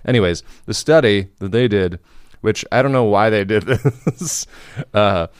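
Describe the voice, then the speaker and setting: Laughing, animated male podcast co-host. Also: lowish voice, a little slow, smooth, no echo, clean studio sound. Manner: animated, laughing, swears casually. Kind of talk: casual comedic chat.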